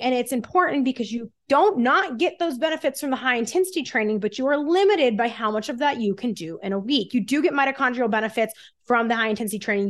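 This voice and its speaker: A woman guest on a fitness podcast, energetically explaining exercise science with everyday analogies. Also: fairly high pitch.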